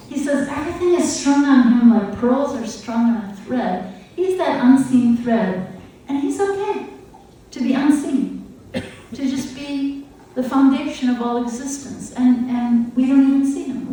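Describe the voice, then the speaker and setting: An older woman giving a gentle devotional talk at a retreat, conversational, often checking in with her listeners. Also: high-pitched. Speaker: spiritual teacher. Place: retreat hall. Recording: echoey hall, voice from far off.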